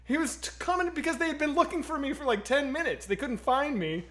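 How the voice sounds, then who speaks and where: A man co-hosting a streamed chat, telling a story in an excitable way and swearing often. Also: very high voice, fast talker. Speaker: stream co-host.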